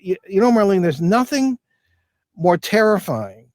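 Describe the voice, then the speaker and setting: The older paranormal investigator's voice sits high and swings widely in pitch, with a darkish tone, a slightly slow pace, and a dry recording. He's a guest in a laid-back storytelling interview, telling a long anecdote loosely with frequent fillers and restarts.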